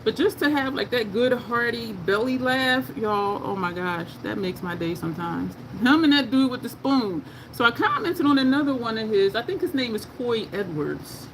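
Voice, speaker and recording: A woman doing a makeup tutorial, chatting in a casual, expressive way and often laughing as she talks to her viewers. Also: fairly high pitch, normal speed, few pauses. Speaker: makeup vlogger. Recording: noticeable background noise.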